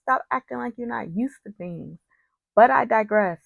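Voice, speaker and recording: A woman's voice: fairly high pitch, normal speed, gravelly, no room sound, phone-quality sound. A woman casually recapping a soap opera, chatty and opinionated, with frequent digressions.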